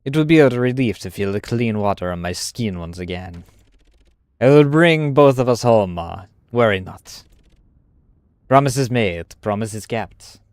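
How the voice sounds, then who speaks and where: A man's voice: on the low side, lively intonation, a little slow, darkish tone, clear, resonant tone, no echo. A man voicing a weary young French soldier reading his letter home aloud, with a faint put-on French inflection.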